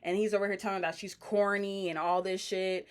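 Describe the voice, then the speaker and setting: A woman's voice: mid-range voice, flat delivery, a little fast, smooth. A woman casually recapping a reality TV reunion in blunt, profane slang.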